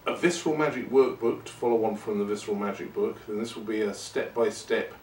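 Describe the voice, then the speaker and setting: Lowish guy rambling through a podcast, joking at his own expense, kinda far from the mic. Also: fairly quick, darkish tone, slight background noise. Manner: rambling and self-deprecating. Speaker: podcast host. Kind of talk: casual monologue. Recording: roomy and distant from the mic.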